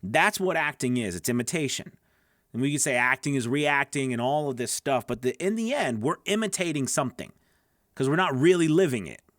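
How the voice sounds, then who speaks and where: A man's voice: mid-range voice, very animated, fairly quick, a bit bright, no echo, clean studio sound. A man coaching voice actors in a casual, conversational teaching talk with plenty of asides. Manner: conversational, lots of fillers and asides. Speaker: voice acting coach.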